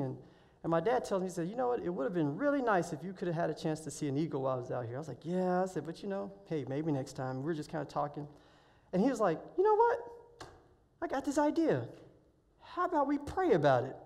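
A man preaching a week-of-prayer sermon, telling a personal testimony in an animated storytelling way that swells loud when excited. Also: high voice. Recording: long hall reverb.

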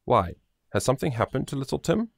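A man voicing a boisterous, jolly young peasant man who booms and turns mock-formal in a storybook reading. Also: brisk, gravelly, no echo, studio quality. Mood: anxious. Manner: booming, playfully over-proper, stammers when excited.

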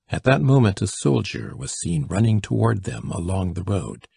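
Male audiobook narrator, husky, low-pitched, mellow timbre. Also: sing-song, moderate pace, hardly any pauses, no echo, studio quality. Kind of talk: scripted narration.

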